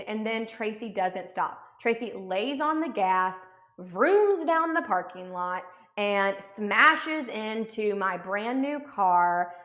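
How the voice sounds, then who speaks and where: A young makeup vlogger does a storytime rant while doing her makeup, telling the tale with indignant sarcasm. Her voice is medium-pitched and fairly bright. The recording has a roomy echo.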